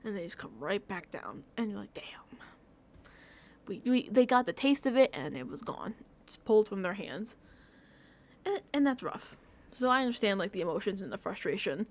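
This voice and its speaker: A woman's voice: mid-range voice, animated, brisk. A woman vlogging a casual recap of a reality show, telling stories animatedly with lots of fillers and laughter.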